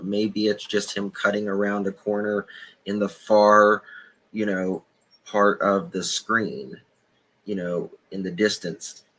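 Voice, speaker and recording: Birds chirping through an open window can be heard behind this livestream host, who speaks into a desk mic in his home office. His voice is on the low side with a fairly bright tone, and he rambles, repeats himself, reads chat, and thinks aloud.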